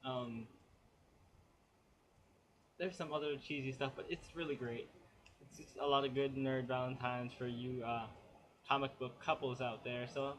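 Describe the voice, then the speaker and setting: A man's voice: mid-range voice, steady tone, measured pace, pauses often. A man giving a casual spoken comic book review, chatty and rambling as he retells the plot.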